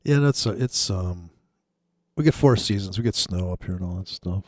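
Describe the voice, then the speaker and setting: A man's voice: deep voice, animated, normal speed, no room sound. A man from Michigan chatting casually, joking and rambling with many restarts. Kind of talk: casual chat.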